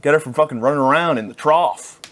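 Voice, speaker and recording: A man's voice: on the high side, fast, a bit bright. A man in his thirties hosting a podcast, rambling through a crude, self-deprecating comedic monologue. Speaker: podcast host.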